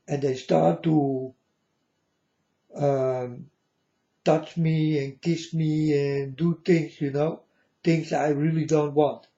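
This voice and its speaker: A man with a slightly high, mellow voice delivers a preachy monologue to his viewers, often calling them "folks" and asking whether they understand. The recording has a dull, lo-fi quality in an echoey room.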